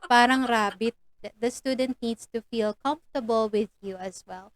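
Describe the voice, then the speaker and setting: A woman's voice: on the high side, moderate pace, background noise. A young Filipino woman with a Filipino accent, chatting through a casual tutorial vlog, mixing English and Tagalog and acting out lesson lines. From Philippines.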